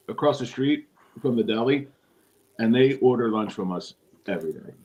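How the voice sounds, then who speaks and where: A man co-hosts a casual podcast and chats in a relaxed, easygoing way. His voice sits at a middle pitch for a man. He chimes in between his friends' stories. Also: moderate pace, muffled recording. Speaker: podcast co-host.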